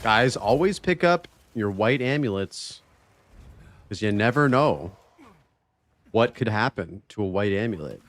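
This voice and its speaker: A man streaming a video game live, chatting casually with his viewers, excitable and swearing freely. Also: fairly low pitch, a little slow, pauses often. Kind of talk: casual live-stream chat while gaming.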